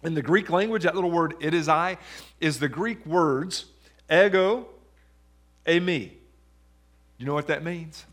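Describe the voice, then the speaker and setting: A man with a slightly high voice preaches a sermon. He reads scripture aloud and talks it through in a conversational way, often asking the congregation questions. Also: a little slow, long pauses, fairly bright tone. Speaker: pastor.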